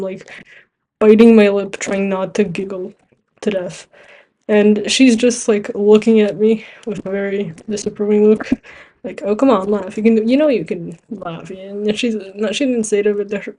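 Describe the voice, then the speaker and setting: A teenage girl who isn't a native English speaker rambles through a story while playing a game for her gaming vlog, giggling and restarting as she goes. Her voice is mid-range and warm.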